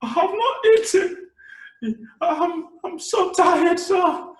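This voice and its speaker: A man voicing a hungry, exhausted woman begging on the street, pitched far above his own voice. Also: slow. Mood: pleading. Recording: echoey room, distant mic.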